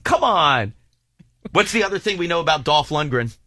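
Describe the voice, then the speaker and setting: Animated bright-voiced male radio host. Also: fairly high pitch, normal speed, no room sound, studio quality. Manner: animated, excitable, jokey. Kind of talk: morning radio banter. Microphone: studio microphone.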